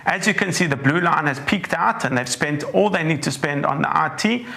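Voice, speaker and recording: A man, a portfolio manager with a croaky, hoarse throat, giving a measured webinar presentation that walks through charts. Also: a little high, sharp tone. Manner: measured, leans on "importantly", walks through slides.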